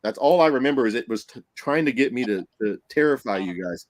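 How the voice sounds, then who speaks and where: A man, a paranormal investigator, telling a story on a podcast in a casual, animated way, acting out what people said and laughing often. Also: mid-range voice, a little fast, no room sound.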